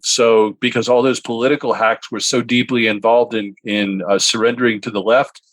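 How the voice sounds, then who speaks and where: A man's voice: mid-range voice, level tone, normal speed, a bit bright, no room sound. A man hosting a political talk show, blunt and combative, cursing freely. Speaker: podcast host.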